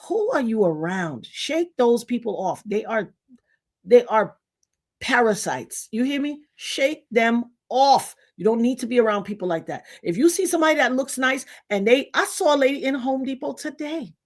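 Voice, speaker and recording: A woman's voice: a little high, moderate pace. A woman from Trinidad, a salon owner, hosting a casual live-stream monologue and telling stories with acted-out voices. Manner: animated storyteller who acts out quoted voices.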